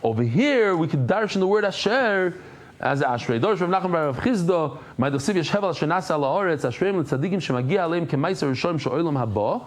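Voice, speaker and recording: A man with a fairly high voice talks fast while teaching a Daf Yomi Talmud class. He's an energetic storyteller who gives his characters voices and drops in Hebrew and Yiddish phrases.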